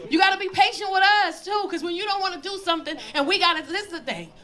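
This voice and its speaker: A middle-aged woman doing a stand-up comedy set, telling stories loudly with lots of put-on voices, on a club stage with a handheld mic. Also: very high-pitched, fast. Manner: bold, loud, animated storytelling with put-on voices. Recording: live club recording with crowd laughter.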